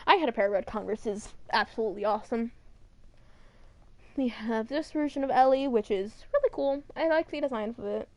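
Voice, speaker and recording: A woman's voice: a little high, darkish tone, no room sound. A young woman streaming, chatting casually and rambling as she looks through game models, with some swearing. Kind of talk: casual chat over a model viewer.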